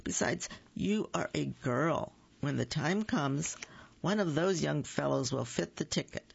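A man's voice: fairly high pitch, lively intonation, unhurried, gravelly, husky, highs cut off, exaggerated voice. A man reading a storybook aloud voices a sleepy, grumpy old male groundhog who grumbles as he talks. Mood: grumbling.

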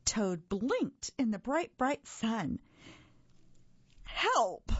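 Slow, gentle woman reading a storybook. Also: mid-range voice, animated, slightly rough, no room sound, lo-fi sound. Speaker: audio reader for a reading service. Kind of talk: reading a children's story aloud.

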